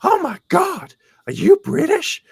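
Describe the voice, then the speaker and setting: A man putting on the voice of an excitable young male security guard who gushes and squeals in disbelief. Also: extremely high pitch, unhurried, vocal fry, no echo, voice pushed up, exaggerated voice. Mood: gushing.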